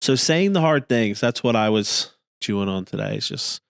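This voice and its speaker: A man from New Jersey co-hosts a church podcast in easy, casual chat. His voice sits low, and he talks with a sarcastic, joking edge. The sound is dry and close to the mic. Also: animated, moderate pace, vocal fry, smooth, dry recording.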